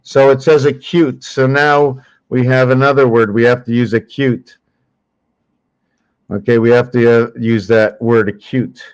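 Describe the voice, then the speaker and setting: A man talks through a screen walkthrough at an unhurried, drawn-out pace, thinking aloud and correcting himself as he goes. His pitch sits in an ordinary middle range. The recording is muffled and lo-fi. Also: level tone. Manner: slow, rambling, searching aloud with many pauses and self-corrections. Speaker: channel host teaching on screen.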